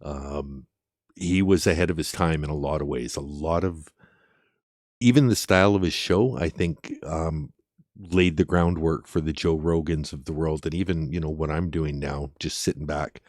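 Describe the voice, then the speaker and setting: A man's voice: very deep voice, normal speed, dry recording, studio quality. A man hosting a stream, chatting casually into a microphone and reacting to clips in a rambling way. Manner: relaxed, rambling, with frequent ums and chuckles. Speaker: streamer host. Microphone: desk microphone.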